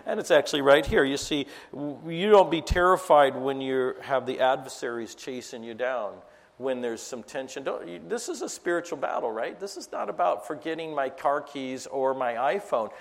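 A middle-aged man preaching a sermon to a live audience. He swings between loud, emphatic preaching and quiet, chatty storytelling asides. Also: medium pitch, animated, normal speed, vocal fry, long reverb tail. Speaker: pastor.

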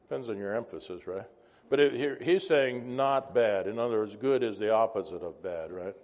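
A man's voice: fairly low pitch, normal speed, a little mellow. A man teaching an informal Bible class, conversational and wandering into asides, asking the class questions.

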